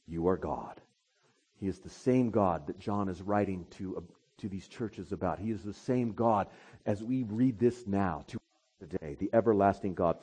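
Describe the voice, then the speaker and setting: A man's voice: fairly low pitch, moderate pace, slightly rough. Man preaching an impassioned sermon. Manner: impassioned preaching, swinging between soft and loud. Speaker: pastor.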